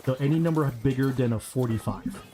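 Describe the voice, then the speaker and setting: A man's voice: medium pitch, brisk, background noise. A man narrating as game master of a tabletop role-playing game, in a loose, rambling way full of fillers.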